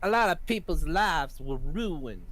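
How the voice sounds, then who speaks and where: A man chats as a player at a tabletop game, casual and a little apologetic. His voice is high for a man. He swings his pitch around a lot. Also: lively intonation, unhurried, fairly bright tone. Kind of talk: casual chat.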